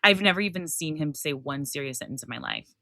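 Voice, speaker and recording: A woman's voice: low voice, expressive, quick pace, bright, forceful tone, dry recording, studio quality. A woman co-hosting a podcast in casual chat, blunt and teasing, swearing casually. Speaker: podcast co-host.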